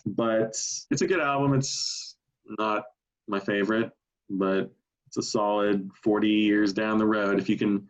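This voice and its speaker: A relaxed man gives his take on records with easy, self-mocking humor. His voice sits low. The recording sounds dull and lo-fi. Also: measured pace. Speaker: co-host ranking albums. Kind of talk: casual review chat.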